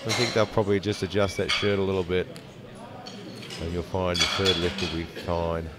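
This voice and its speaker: A man's voice: sits low, level tone, moderate pace. A man doing live sports commentary from a commentary box, announcing each lifter's name, country and weight before adding his analysis. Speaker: powerlifting commentator. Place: commentary box at a competition venue. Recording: crowd noise at a live event.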